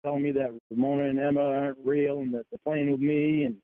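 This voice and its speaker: A man on a phone call, halting and defensive, repeating himself. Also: on the high side, level tone, no echo. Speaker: caller. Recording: tinny phone line.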